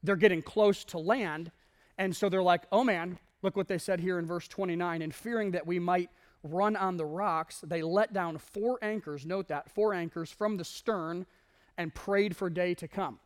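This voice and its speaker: A male pastor preaching to his congregation, telling a story with animated asides. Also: high voice, normal speed, clean tone. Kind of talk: sermon. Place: church in front of a congregation.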